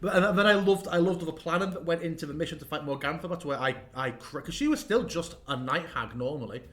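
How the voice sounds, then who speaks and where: A man and game master, chatting casually and animatedly about a finished campaign, acting out quotes as he goes. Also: fairly high pitch. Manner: animated, quick, swearing, acts out quotes. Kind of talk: casual chat looking back on a campaign.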